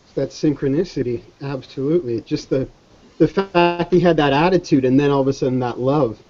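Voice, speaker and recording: A man's voice: on the high side, fairly quick, muffled recording, music in the background. A man chatting as a guest on a casual talk show, teasing and laid-back. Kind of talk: casual chat.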